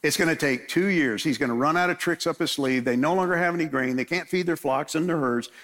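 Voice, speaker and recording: A man's voice: a little high, fast talker, a bit bright. A man preaching an expository sermon in a casual, conversational way, briefly voicing the people in the story. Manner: conversational, acts out biblical characters' voices.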